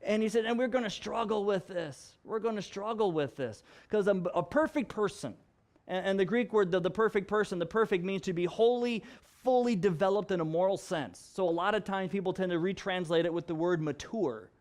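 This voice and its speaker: A male pastor giving a casual Bible teaching, conversational and animated, often restarting and repeating words for emphasis. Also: high-pitched, fairly quick. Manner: animated and conversational, acts out examples; frequent restarts and emphatic repetition.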